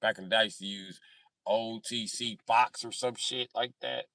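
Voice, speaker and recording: A man's voice: fairly low pitch, steady tone, normal speed, pushed and bright, dry recording. A man chatting on a livestream, joking and cursing in a rambling way. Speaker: livestream host. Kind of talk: casual livestream chat.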